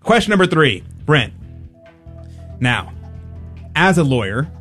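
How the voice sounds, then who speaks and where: A man's voice: on the high side, very animated, takes it slowly, a bit bright, slightly rough, faint music behind. A man hosting a radio show, running a quiz in a joking, upbeat game-show manner. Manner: playful, joking, upbeat encouragement.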